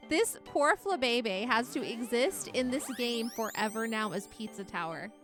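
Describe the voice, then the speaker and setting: A young woman chats her way through a live game stream, her voice sitting a little high as she reads viewer messages aloud. She is bubbly and quick to laugh. Faint music plays underneath. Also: animated.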